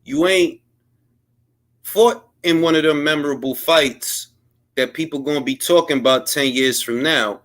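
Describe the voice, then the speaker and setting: A man with a slightly high voice delivers blunt solo commentary in casual, slangy talk. He sounds heated and opinionated, and now and then mocks others by putting on their voices in quotes. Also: measured pace, a bit bright. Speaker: boxing commentary host.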